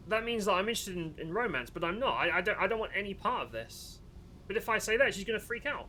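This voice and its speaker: A man streaming a video game who gives casual commentary, animated, exasperated and joking. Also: high voice, fast, a little hiss or hum.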